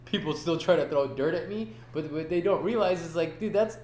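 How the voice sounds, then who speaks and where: A man's voice: a little high, a little fast, a little mellow, a little hiss or hum. A man co-hosting a fishing podcast who chats casually, in an upbeat way and full of slang. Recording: roomy podcast recording.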